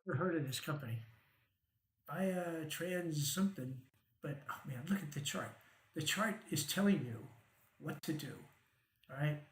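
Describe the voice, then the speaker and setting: A man's slightly high voice moves at normal speed with long pauses as he hosts a stock market program and explains charts informally. He often checks in with "right?" and "okay?" and chuckles wryly, in an echoey room on a low-quality recording.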